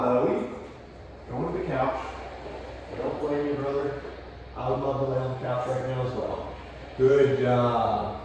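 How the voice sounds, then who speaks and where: A man working as a dog trainer, explaining each step calmly during a live demonstration and breaking off to praise the dog. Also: mid-range voice, far from the mic, slight background noise. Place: indoors in a home. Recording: echoey room, voice picked up from afar.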